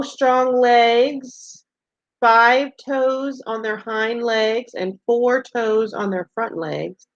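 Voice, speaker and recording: A woman teacher reads to small children at a deliberate, unhurried pace, leaning into each phrase with storybook expression. The sound is dull and lo-fi in a dry, close room. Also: medium pitch, no echo. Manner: slow, expressive storybook reading with playful animal sounds. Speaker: preschool teacher. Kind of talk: reading a picture book aloud to young children.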